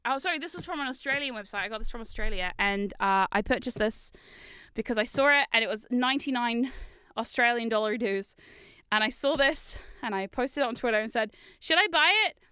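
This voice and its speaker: Woman streamer, casual chat, bright clear voice, dry close mic, swears and laughs. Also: fairly high pitch, brisk, no echo. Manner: chatty, swears, laughs often, exclaims loudly.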